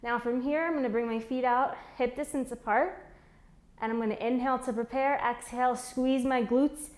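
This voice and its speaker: Speaking at normal speed with fairly even intonation, this woman's slightly high voice guides a beginner plank session. She counts reps while exercising, coaches form, and gets strained and shaky from effort during the tougher holds.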